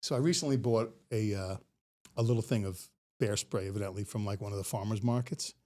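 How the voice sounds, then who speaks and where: A middle-aged man, a retired police officer, telling stories in a casual, animated way and laughing often. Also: lowish voice, fairly quick. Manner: animated, laughing often, acts out quoted voices. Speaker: podcast guest. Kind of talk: casual storytelling.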